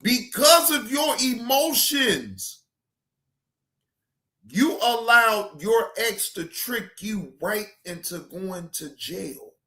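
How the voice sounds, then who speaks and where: A man's voice: high-pitched, extremely slow. A man hosting a reaction stream, commenting bluntly and profanely and scolding the people in the clip. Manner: animated, shouting at times.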